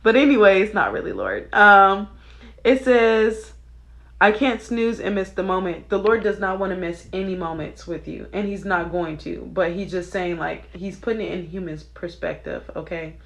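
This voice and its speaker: A young woman giving casual spiritual commentary on song lyrics, chatty and excitable, often checking in with her listeners. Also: fairly low pitch, moderate pace, gravelly. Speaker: Christian video creator.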